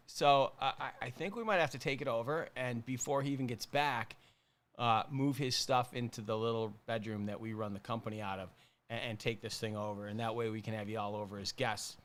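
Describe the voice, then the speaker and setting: A man's voice: medium pitch, pushed and bright. A man in his forties hosting a casual livestream chat, rambling and joking with lots of fillers. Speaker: podcast host.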